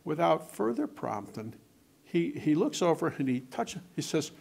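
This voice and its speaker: A man's voice: a little high, sing-song, moderate pace, creaky, a little mellow, slightly rough. An older man, an author, chatting and telling anecdotes with lots of quoted dialogue. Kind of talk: casual storytelling in conversation.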